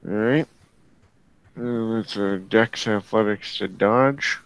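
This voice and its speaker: A man narrating as game master of a tabletop game, unhurried and halting with fillers as he describes the action. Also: on the low side, smooth, rough recording.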